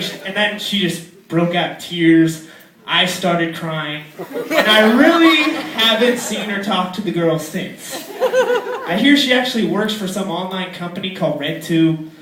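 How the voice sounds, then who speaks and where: A young man in his twenties doing a crude, rambling stand-up routine in a comedy club, often slipping into squeaky put-on voices. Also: noisy background. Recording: echoey club with loud crowd, distant mic.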